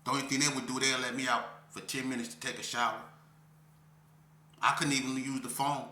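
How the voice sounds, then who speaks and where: A man telling an emotional story of his past as an interview guest, talking intensely in street slang and repeating himself, swinging from near shouts down to a low voice. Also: little pitch movement, brisk, roomy sound. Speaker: interview guest recounting prison life.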